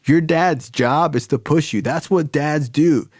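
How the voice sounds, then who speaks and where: A man's voice: on the high side, a little slow, a little mellow, no echo, studio quality, voice pushed up. Man doing a fired-up, swearing buddy. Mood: hyped. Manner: emphatic, swearing, repetitive "bro". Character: fired-up young male friend, pep talk.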